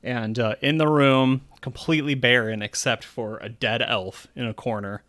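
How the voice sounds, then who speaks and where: Bright-voiced man running a tabletop game. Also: medium pitch, fairly even intonation, moderate pace. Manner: casual, swears, laughs easily. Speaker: game master.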